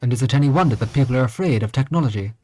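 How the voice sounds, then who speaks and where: A streamer voicing a suave, cold male hired assassin from game dialogue, in a measured, aloof manner. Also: medium pitch, animated, a little mellow, a little hiss or hum, voice pushed down, close to an everyday voice. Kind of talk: reading game dialogue aloud. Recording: game music behind voice.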